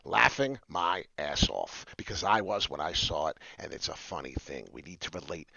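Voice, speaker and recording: A man rants like a fired-up preacher, swearing and swinging from shouts down to low mutters. His voice is bright and forceful, leaping all over in pitch. The sound is dry and a little muffled. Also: expressive, moderate pace, creaky, slightly rough, no echo. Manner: swears often, preachy and rambling. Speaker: crypto chart streamer. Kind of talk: fired-up motivational rant.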